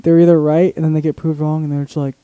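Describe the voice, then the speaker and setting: A laid-back young man co-hosts a podcast, backing up his friend and swearing casually. His voice sits a little high for a man, with a very dark, mellow tone. It is recorded dry and close. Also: flat delivery, fast, smooth, no room sound. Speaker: podcast co-host. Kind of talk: casual chat.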